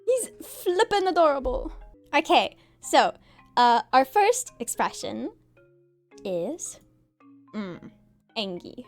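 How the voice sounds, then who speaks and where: A young woman VTuber shows off her avatar in a high, sing-song voice, speaking slowly with long pauses as faint music plays. She's bubbly and giggly, full of exclamations and playful, excitable stream chatter.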